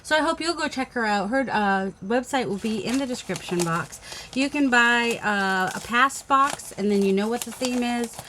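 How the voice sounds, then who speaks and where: A woman's voice: on the high side, animated, normal speed, bright, forceful tone, a little hiss or hum. Chatty New England woman crafter. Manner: chatty, rambling, thinking aloud with many fillers. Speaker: crafting channel host. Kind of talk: casual unboxing chat. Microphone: phone.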